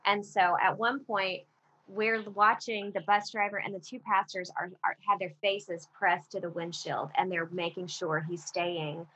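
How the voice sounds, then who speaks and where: A woman co-hosting a casual chat, telling a lively story and acting out what people said. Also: fairly low pitch, measured pace, breathy edge. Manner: animated storyteller, acts out quotes. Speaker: podcast co-host. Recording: slightly dull audio with faint background noise.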